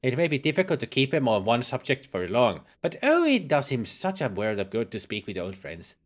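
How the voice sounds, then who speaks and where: A man voicing an elderly female housekeeper, kindly and fussy, with a put-on German accent and a high fluttery voice. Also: wildly swooping pitch, fairly quick.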